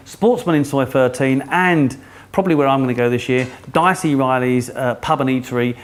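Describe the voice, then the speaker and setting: A man co-hosting a listings show, chatting in a jokey, upbeat way. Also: medium pitch. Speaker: co-host. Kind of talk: casual chat.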